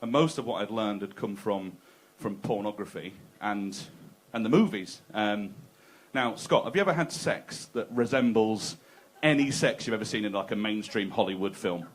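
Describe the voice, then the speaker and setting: A man's voice: on the low side, expressive, normal speed, few pauses. A man doing a crude, conversational stand-up set, teasing the crowd. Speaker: stand-up comedian. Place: comedy club stage.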